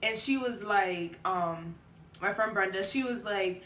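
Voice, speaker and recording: A young woman in her late teens tells a personal story in a loose, chatty way, full of fillers. Her voice sits at a middle pitch. The room is echoey with a faint hum behind her. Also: a little slow, a bit bright. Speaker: vlogger. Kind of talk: casual storytelling to camera.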